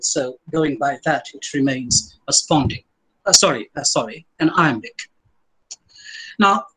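A man with an Indian English accent giving an academic lecture on Shakespeare's verse over a video call, reading lines aloud slowly with stressed beats, then explaining with fillers. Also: a little high, a bit bright, husky, low-quality recording.

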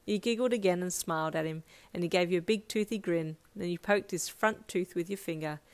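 A woman narrating a second-person romance story in a steady read-aloud manner. Her voice is somewhat low for a woman, and she stumbles and corrects herself now and then. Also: a little fast. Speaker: fanfiction reader.

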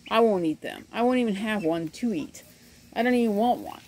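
A woman's voice: mid-range voice, expressive, brisk, a little mellow. A middle-aged woman chatting in a rambling, casual way while filming her ducklings outdoors on a handheld phone, often laughing as she talks. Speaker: homesteader vlogger. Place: outdoors in a yard by animal pens. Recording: faint outdoor noise with birds. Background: ducklings chirping and outdoor ambience.

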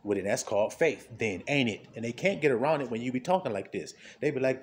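Animated man preaching an informal sermon. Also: fast, few pauses. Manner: conversational, rhetorical questions, frequent laughter; wide swings between low murmurs and high exclamations.

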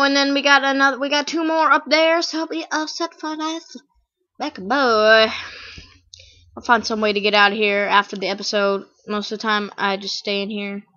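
A woman's voice: medium pitch, pushed and bright. A woman hosting a gameplay channel, giving goofy, playful let's-play commentary and repeating catchphrases. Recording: dull lo-fi home mic.

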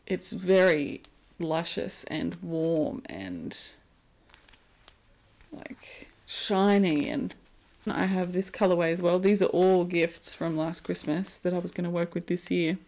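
A woman's voice: lowish voice, slow pace, creaky, darkish tone. A woman with an Australian accent, chatting casually and playfully about yarn in her knitting vlog. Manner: chatty and playful, prone to silly asides. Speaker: knitting vlogger. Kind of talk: casual chat.

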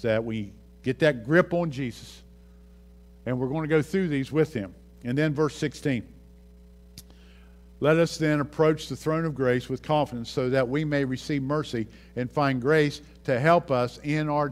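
A man's voice: mid-range voice, measured pace. A male pastor preaching a sermon, reading scripture aloud and repeating key phrases for emphasis.

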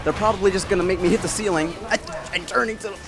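A man with a high-sitting voice talks very fast through casual let's-play commentary, swearing in exasperation and trash-talking rival racers. Game music plays in the background.

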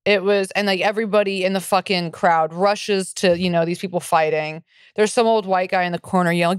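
A woman's voice: fairly low pitch, normal speed, clear, resonant tone, no echo, clean studio sound. A young woman stand-up comic co-hosting a podcast, ranting with heavy swearing and big bursts of energy. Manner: profane, riled-up ranting. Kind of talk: ranting casual chat.

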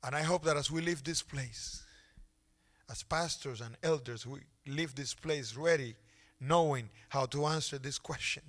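A middle-aged male pastor telling a story in a sermon with animated, dramatic delivery. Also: on the high side, a little slow.

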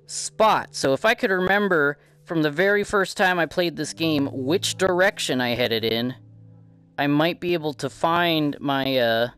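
Commentating his gameplay, a gaming channel host with a Midwestern American accent rambles, curses casually and mocks himself. His voice is fairly high, clear, resonant and a bit bright, and he talks a little slowly.

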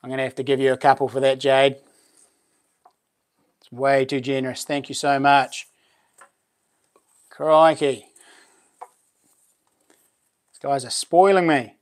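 A man's voice: medium pitch, steady tone, measured pace, pauses often. A man with a New Zealand accent hosting a casual live stream, chatting loosely and thanking viewers for their support. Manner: chatty, thanks viewers warmly, lots of fillers and laughs. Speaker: livestream host and knifemaker.

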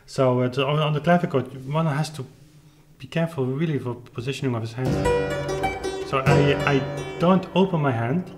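A man's voice: medium pitch, moderate pace, over loud music. A man who plays the clavichord, thoughtfully explaining his interpretation and searching for the right words as he goes. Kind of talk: reflective spoken commentary with demonstrations. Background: faint clavichord playing between remarks.

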